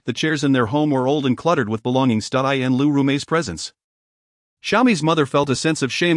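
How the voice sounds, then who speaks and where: A man narrates a storybook tale at an even, measured pace. His voice sits in a middle register. The recording is close and dry, with no room sound. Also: medium pitch, no echo.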